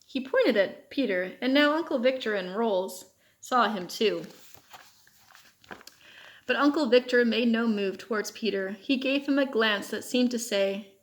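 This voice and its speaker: A woman's voice: a little high, unhurried. Woman reading a children's audiobook. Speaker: audiobook reader. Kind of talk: audiobook narration.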